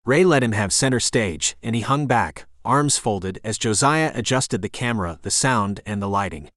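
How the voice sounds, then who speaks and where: A man narrating an audiobook in a steady, even reading voice, close to the mic. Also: lowish voice, moderate pace, no echo. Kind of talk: scripted narration.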